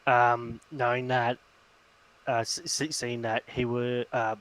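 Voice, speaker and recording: A man playing a tabletop game, stating his actions in a halting, hesitant way. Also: mid-range voice, level tone, a bit bright, rough recording. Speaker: player. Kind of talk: casual tabletop play.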